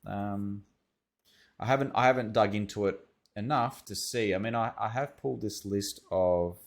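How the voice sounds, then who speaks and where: A man's voice: lowish voice, moderate pace, creaky. Rambling Australian man reviewing websites. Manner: rambling, thinking aloud with fillers and restarts. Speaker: SEO consultant reviewing websites. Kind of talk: casual screen-share commentary.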